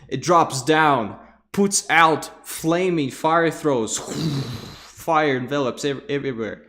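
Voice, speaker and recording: A man's voice: on the high side, slow, fairly bright tone. A man lecturing who acts out scenes with his own vocal sound effects and repeats words as he searches for them. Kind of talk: storyboard pitch in a lecture.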